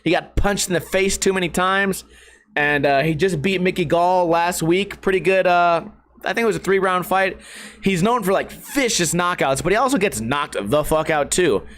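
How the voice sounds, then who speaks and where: Man, podcast host, casual solo rant, brash, profane, excitable, slightly high voice. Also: moderate pace.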